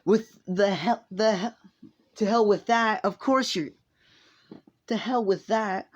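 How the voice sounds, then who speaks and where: A man voicing a furious, protective mother who shouts and repeats herself, in a casually told fan story. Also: a little high, brisk, lo-fi sound, lightly acted.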